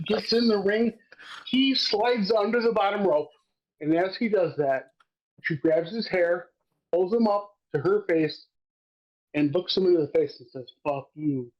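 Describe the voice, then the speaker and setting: A man co-hosting a wrestling podcast, recapping matches in casual, profane, excitable chat and laughing as he goes. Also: high voice, highs cut off.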